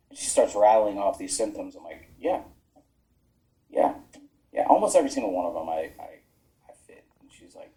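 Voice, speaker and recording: A man's voice: lowish voice, normal speed, warm tone, poor audio. A man, an army veteran, telling his story in a casual, frank way on a podcast, swearing freely and acting out the dialogue he quotes. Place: podcast studio.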